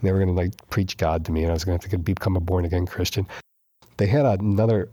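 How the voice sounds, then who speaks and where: A man guest in a casual interview, telling his recovery story with lively retellings, acting out quoted dialogue and repeating lines for emphasis. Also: deep voice, fast talker, no room sound.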